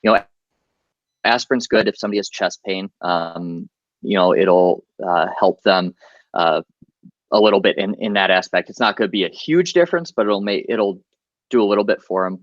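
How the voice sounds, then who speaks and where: A man's voice: deep voice, moderate pace, no echo, dull audio. A male medic talking as a guest on a podcast, practical and chatty, with a lot of "you know" fillers. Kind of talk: casual podcast interview.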